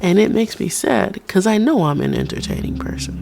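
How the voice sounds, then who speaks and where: A woman talks off the cuff in a rambling, profane rant, blunt and quick to mock herself. Her voice sits at an ordinary middle pitch but carries a strong gravelly fry, with faint music playing behind her. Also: huge pitch swings, darkish tone. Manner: rambling, profane, self-deprecating; blunt and frank. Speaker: PNGtuber vlogger.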